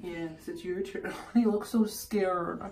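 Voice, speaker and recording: A young man vlogging at home, talking to camera in an excitable way, laughing and yelping as he goes. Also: high-pitched, takes it slowly, faint music behind. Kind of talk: casual chat to camera. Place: bathroom at home. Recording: echoey bathroom.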